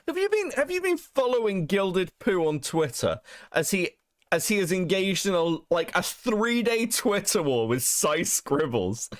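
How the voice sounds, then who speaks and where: Animated, sharp-tongued male streamer. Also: high voice, dry recording, clean studio sound. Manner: profane, mocking, laughs often. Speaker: streamer host. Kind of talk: casual livestream commentary.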